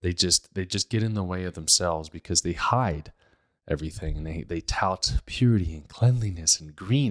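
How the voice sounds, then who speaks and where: Fairly low-voiced guy from pittsburgh, health podcast host, punchy and emphatic, lots of questions. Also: moderate pace. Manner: emphatic, rhetorical questions, animated asides. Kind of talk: casual health podcast monologue.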